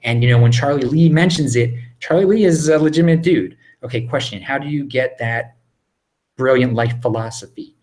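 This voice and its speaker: A man in his thirties from Baltimore, hosting a casual live Q&A at home, rambling and excitable with many restarts. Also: medium pitch, a little fast. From Baltimore, USA. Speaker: livestream host answering viewer questions. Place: home, indoors.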